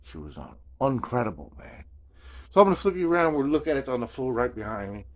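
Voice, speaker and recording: A man talks to his viewers in a loose, rambling storytelling way. He is slangy and profane and keeps tagging "man" onto his sentences. His voice sits at an ordinary middle pitch. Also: big pitch swings, fast talker. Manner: slangy and profane, keeps saying "man" and "you know what I'm saying"; laid-back storytelling. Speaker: video host. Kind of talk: casual rambling vlog.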